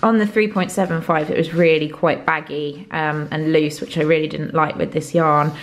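A congested young woman chatting casually in a vlog, bubbly, and talking to her dog in a high baby voice. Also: steady tone, moderate pace, roomy sound. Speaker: vlogger.

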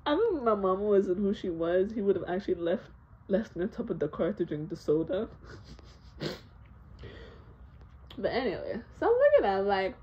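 A young woman telling a storytime vlog, animated, laughing and swearing a lot, with plenty of fillers. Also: medium pitch, moderate pace, pauses often, lo-fi sound. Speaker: vlogger.

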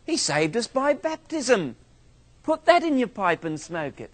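A man's voice: high voice, very animated, measured pace, a bit bright. A man from Australia with an Australian accent, a minister giving a theology lecture full of humorous, self-mocking stories.

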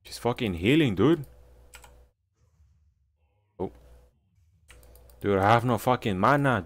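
A man's voice: medium pitch, slow pace, long pauses. A man giving casual gaming commentary, swearing often and complaining in frustration. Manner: profane, frustrated trash talk. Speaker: gameplay streamer.

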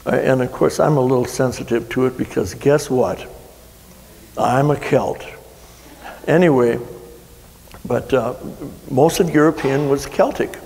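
Gravelly pastor preaching in a reverberant hall. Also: male voice, mid-range voice, unhurried, pauses often, darkish tone. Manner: rambling, folksy storytelling with many restarts. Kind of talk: sermon.

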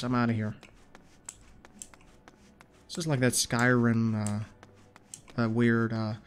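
A man's voice: medium pitch, slight background noise. A man with a stuffy, blocked-up nose, rambling and swearing as he plays a video game. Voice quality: nasal, blocked-up. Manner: profane, rambling, grumbling at the game. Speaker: gaming streamer. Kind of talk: casual gameplay commentary. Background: faint game music and keyboard typing.

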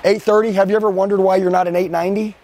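Leading a team through a live sales training, a high-pitched man speaks forcefully yet with a flat delivery, firing off rhetorical questions. He speeds up and slows down to drive his points home, and there's a little hiss or hum.

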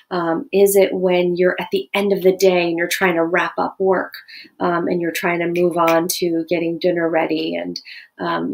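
A woman teaching a lesson to children and families in a gentle, questioning way. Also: on the low side. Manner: gentle, questioning, animated demonstrations.

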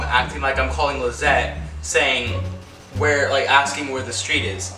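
A young man from California, telling a story at home in an animated, excitable way, full of fillers and acted-out quotes. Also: on the high side, normal speed, faint music behind. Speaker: vlogger. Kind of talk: storytime vlog. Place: at home indoors. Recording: echoey room, mic at a distance.

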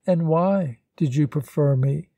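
A man reading the lines of an earnest young woman in a storybook, speaking plainly and gently. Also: fairly high pitch, a little slow, vocal fry, no echo. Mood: tender.

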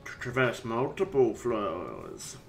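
A man voicing a stranded traveling tinker, reading the character's lines aloud in a plain, quick way. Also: on the low side, huge pitch swings, gravelly, faint music behind, voice pushed down, exaggerated voice. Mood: matter-of-fact.

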